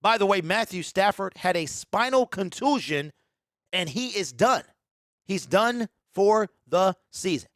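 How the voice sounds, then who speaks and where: High-voiced, emphatic sports talker. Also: male voice, expressive, unhurried, a bit bright, no room sound, clean studio sound. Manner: emphatic, repeats lines, mocking quoted voices. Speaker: sports show host. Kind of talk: animated sports talk monologue.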